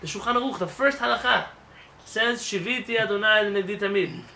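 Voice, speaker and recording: Male rabbi, fast animated sermon, raised pitch, roomy hall sound. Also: creaky, recorded from a distance, a little hiss or hum. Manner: animated, acts out voices, jokes with the congregation. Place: synagogue. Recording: roomy hall with faint ambience.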